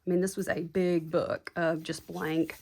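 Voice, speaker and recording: Woman, gravelly voice, slow unhurried chat, gushing and chatty, faint hiss behind. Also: lowish voice, little pitch movement, a little mellow. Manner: gushing, chatty, addresses viewers as y'all. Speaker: craft seller showing handmade junk journals. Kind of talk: casual show-and-tell chat.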